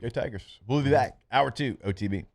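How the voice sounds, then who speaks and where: A man's voice: mid-range voice, a little fast, vocal fry, a little hiss or hum. A man co-hosting sports talk radio, mostly reacting with short agreements and teasing. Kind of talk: casual sports radio banter.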